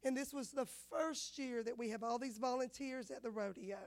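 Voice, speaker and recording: A woman, a women's pastor telling a personal testimony in a sermon, animated and acting out the dialogue. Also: a little high, normal speed. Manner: animated storyteller, acts out dialogue.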